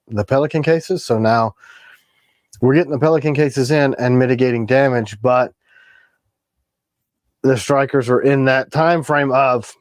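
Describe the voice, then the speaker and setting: A man's voice: medium pitch, no room sound, clean studio sound. A man co-hosting a live stream about his knives, talking in a rambling, casual way. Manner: rambling, jumps between thoughts, quick laughs.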